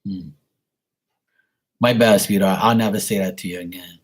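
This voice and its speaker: A man's voice: sits low, fairly even intonation, moderate pace, husky. A man hosting a casual live stream and chatting with viewers, speaking bluntly with plenty of profanity and a rambling flow.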